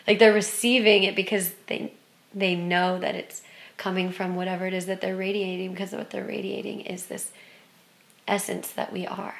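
A woman telling a personal spiritual story in an expressive way, moving from excited loudness to hushed softness. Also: medium pitch, moderate pace, gravelly.

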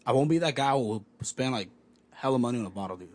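A man's voice: medium pitch, animated, fast talker. A man chatting casually with friends, telling rambling, joking stories. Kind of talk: casual chat.

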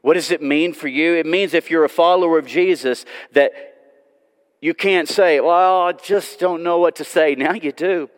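A man's voice: fairly high pitch, moderate pace. Earnest pleading preacher, man, reverberant church. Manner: pleading, earnest, swings from loud to hushed. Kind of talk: sermon. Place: church sanctuary.

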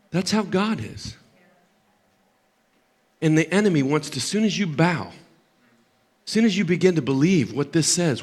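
An older man preaching a sermon as pastor, impassioned, swinging from loud emphatic peaks down to low, quiet asides. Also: expressive, normal speed.

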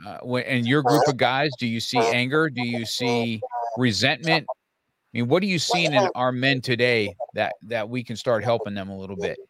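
A man's voice: medium pitch, normal speed, a bit bright, no room sound. Man asking searching questions, dry sound. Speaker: podcast host. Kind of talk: interview questions.

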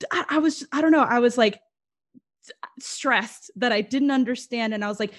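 A woman's voice: fairly high pitch, normal speed. Giggly rambling woman telling a story. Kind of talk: casual chat.

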